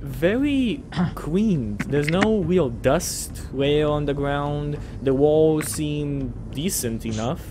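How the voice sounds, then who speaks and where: A man's voice: on the high side, animated, slow, hardly any pauses, noisy background. A man narrating a fantasy tabletop game as game master, describing rooms in an easygoing way. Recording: music playing behind.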